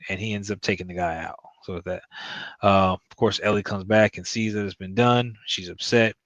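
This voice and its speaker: A man with a lowish, steady voice loosely recaps a TV episode, rambling through the plot with casual fillers. He's a TV show reviewer, speaking briskly on a recording with no echo.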